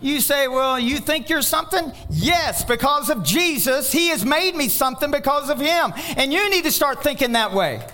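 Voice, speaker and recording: High-voiced, animated male preacher. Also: normal speed, few pauses, slight background noise. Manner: animated preaching, swings from loud exhortation to hushed asides. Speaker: pastor. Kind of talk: sermon.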